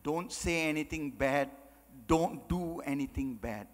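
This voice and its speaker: A man's voice: on the high side, unhurried, voice pushed down, close to an everyday voice. A man quoting his devout mother as she earnestly insists to her son, in a talk recorded in a reverberant hall. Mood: insistent.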